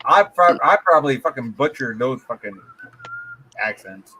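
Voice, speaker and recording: Lively, teasing, foul-mouthed man. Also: mid-range voice, normal speed, a little hiss or hum. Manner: crude, teasing, swears a lot. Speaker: guest. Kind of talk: casual group chat.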